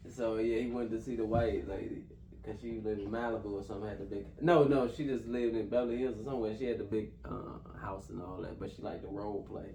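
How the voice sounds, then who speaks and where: A man reviews a film in casual chat, retelling scenes in a loose, profane way and slurring his phrases together. His voice is fairly low with vocal fry, fairly even intonation and a quick pace. The roomy recording has a distant mic, faint background noise and crowd noise.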